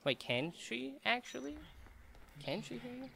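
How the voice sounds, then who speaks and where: Man, bright voice, casual let's-play commentary, jokey and chatty. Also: very high voice, very animated, a little slow, vocal fry, slight background noise. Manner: joking, chatty, laughs often. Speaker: gamer streamer.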